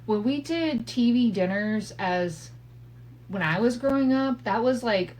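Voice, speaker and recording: A woman's voice: a little high, lively intonation, a little slow, a little mellow, rough recording. A woman in her thirties hosting a podcast, telling a family story in a candid, profane way with asides and laughs. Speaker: podcast host. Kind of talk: casual storytelling monologue. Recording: faint hum from a home setup.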